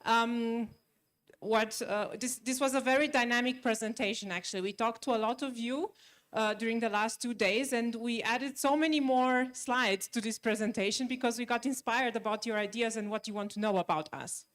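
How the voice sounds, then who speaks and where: A young woman gives a talk in a large conference hall. Her voice sits somewhat high. She speaks in a friendly, hesitant way, full of fillers and restarts. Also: normal speed. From Germany. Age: young adult. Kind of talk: conference presentation.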